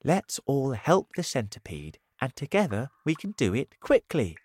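A man voicing a kind ladybird in a storybook reading, gentle and sensible. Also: mid-range voice, wildly swooping pitch, moderate pace, no echo, voice pushed up.

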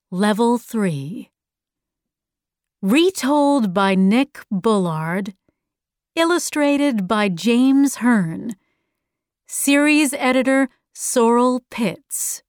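A woman narrating a graded reader audiobook slowly and clearly. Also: on the high side, darkish tone, dry recording, clean studio sound. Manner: slow, clearly enunciated.

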